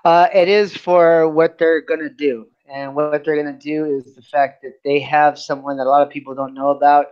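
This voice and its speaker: A man's voice: fairly high pitch, little pitch movement, normal speed, few pauses, clean tone. Male sports podcast co-host, rambling casual debater, muffled lo-fi audio. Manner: long rambling points with restarts. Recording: dull lo-fi sound.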